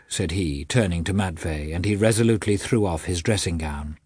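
A man narrating a classic novel as an audiobook, reading in a measured, expressive way with a husky voice. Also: sits low, dry recording, studio quality.

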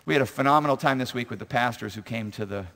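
A man's voice: medium pitch, fast talker, a bit bright. A man preaching a sermon as pastor in a church sanctuary, emphatic and repetitive, telling stories to the congregation. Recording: long reverb of a large hall.

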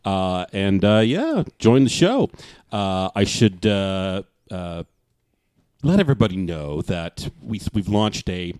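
A man with a fairly low voice hosts a live-streamed music show in a loose, rambling way, filling gaps with "uh" as he goes. The sound is dry and close, with no room echo at all. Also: very animated, darkish tone, clear, resonant tone. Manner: rambling, fills pauses with uh. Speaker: livestream show host. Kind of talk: casual live-stream chat.

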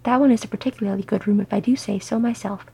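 A genteel older hobbit gentleman, doting and fussy, as a woman puts him on. Her voice stays husky and gravelly under the lift. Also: mid-range voice, fairly even intonation, fast. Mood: fond.

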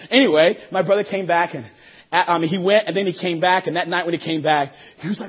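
A man preaching a sermon with an emphatic delivery that swings between hushed and shouted. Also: a little high, lively intonation, quick pace, husky. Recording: dull lo-fi sermon recording.

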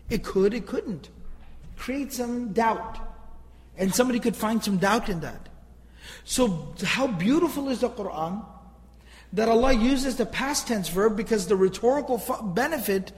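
This man teaches Quranic grammar to an audience in a large hall, his high-pitched voice captured on poor audio. Emphatic and fond of rhetorical questions, he tends to say things more than once.

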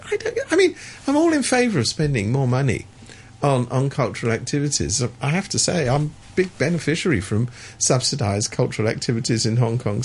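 A man's voice: mid-range voice, breathy edge. A man giving sardonic, opinionated commentary in a radio studio, stammering and restarting as he talks.

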